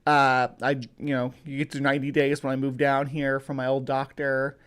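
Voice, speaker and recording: A man's voice: mid-range voice, completely flat delivery, normal speed, a bit bright, smooth. A man from the US hosting a casual livestream, greeting viewers by name and rambling with many fillers and restarts. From United States. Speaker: livestream host.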